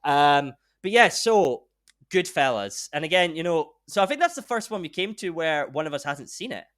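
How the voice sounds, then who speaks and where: A young man hosting a podcast in casual chat, rambling and excitable and swearing freely. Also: fairly high pitch, normal speed. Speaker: podcast host.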